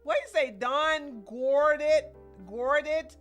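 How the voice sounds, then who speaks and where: Lively, bright-voiced woman host. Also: mid-range voice, unhurried, no room sound, faint music behind. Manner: animated, laughs often, blunt opinions; reads out viewer donations. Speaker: podcast host. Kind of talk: casual livestream commentary.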